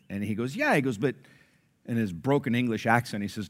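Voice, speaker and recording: A man delivers a sermon as pastor of his church. He tells stories in a low, relaxed voice and then rises into loud, high, emphatic peaks. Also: fairly quick. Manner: dynamic preaching, swings from soft storytelling to loud emphatic peaks.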